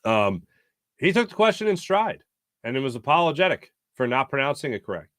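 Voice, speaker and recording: A man's voice: medium pitch, sing-song, a little fast, a bit bright, dry recording, studio quality. An American man hosting a sports talk show, rambling and opinionated, with many fillers. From United States. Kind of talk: casual sports talk monologue.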